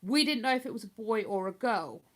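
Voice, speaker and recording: An older Hertfordshire woman hosts a casual livestream, her accent sliding between posh and London. Her voice sits a little high, and she chats and rambles, picking up viewer comments as she goes. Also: animated, a little fast. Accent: Hertfordshire English, between posh and London. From Hertfordshire, England. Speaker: livestream host.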